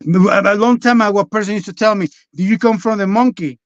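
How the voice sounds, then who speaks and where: A man with a high-pitched voice tells his own story in a candid, rambling way, swearing freely and talking bluntly. The sound is dry and close, and a bit dull and lo-fi. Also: fast talker, dry recording. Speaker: podcast guest.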